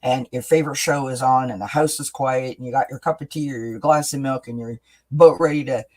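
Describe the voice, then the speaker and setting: Gentle, chatty man giving a card reading. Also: medium pitch, steady tone, brisk. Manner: gentle, chatty, reassuring, many "right?" and "you know" tags. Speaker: oracle card reader and host. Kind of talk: live-stream spiritual reading, answering chat.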